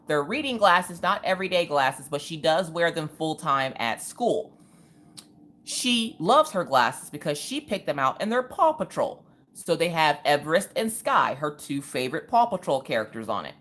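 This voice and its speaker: Low-voiced, lively storytelling woman. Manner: animated, sarcastic, acts out the people in her stories. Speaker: live-stream host. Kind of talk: casual storytelling on a craft live stream.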